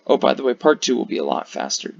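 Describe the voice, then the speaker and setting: A man's voice: mid-range voice, sing-song, fast talker, gravelly. A tired man giving casual, rambling commentary full of fillers and the odd curse while ranking flags. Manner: rambling, profane, many fillers. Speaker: video creator ranking flags. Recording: dull lo-fi mic.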